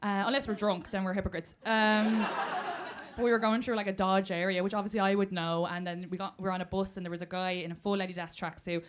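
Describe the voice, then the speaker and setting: A woman's voice: medium pitch, level tone, fast. Brash Irish woman doing crowd work. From Ireland. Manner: brash, swearing, laughing through punchlines. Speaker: stand-up comedian. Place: comedy club stage before a live audience. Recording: live club audio with loud crowd and noise.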